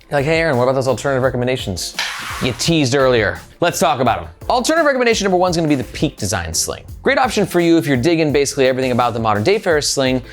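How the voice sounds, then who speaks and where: Fast, lively male bag reviewer. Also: mid-range voice. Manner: upbeat, slangy, chatty. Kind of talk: casual product review.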